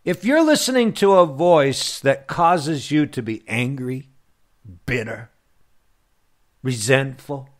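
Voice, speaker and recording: A man preaching a sermon to his listeners, slow and emphatic, with long pauses. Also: mid-range voice, expressive. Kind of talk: radio sermon.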